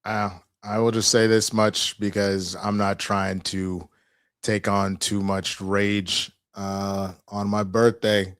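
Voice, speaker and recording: A man's voice: on the low side, level tone, slow pace, a bit bright, clear, resonant tone, dry recording, studio quality. A man co-hosting a podcast, chatting casually with many fillers and restarts. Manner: loose, hesitant, full of fillers. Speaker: podcast co-host. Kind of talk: casual chat.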